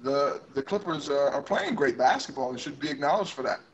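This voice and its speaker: A man's voice: mid-range voice, lively intonation, brisk, dull audio. A man co-hosting a basketball podcast, upbeat, talking in long run-on thoughts. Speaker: podcast co-host. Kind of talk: casual sports chat.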